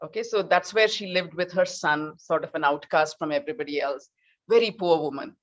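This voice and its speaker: A woman giving an animated storytelling talk, acting out characters. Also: deep voice, fairly quick, lo-fi sound. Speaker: speaker.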